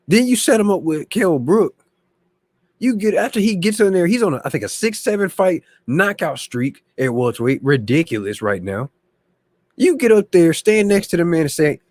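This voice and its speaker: A man hosting a boxing channel, giving slangy, animated casual commentary that often repeats itself. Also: sits high, normal speed, no room sound.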